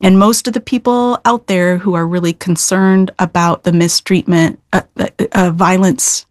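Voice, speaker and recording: A woman's voice: lowish voice, fairly even intonation, normal speed, dry recording, clean studio sound. A middle-aged woman Old Testament scholar being interviewed, explaining scripture earnestly with emphatic stress and frequent restarts.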